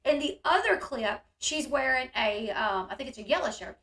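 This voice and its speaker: A woman hosting casual commentary on a video, talking in an animated way and acting out the yelling she describes. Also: high voice, moderate pace, reverberant. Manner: animated, reacts loudly, acts out quoted yelling. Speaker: commentary host.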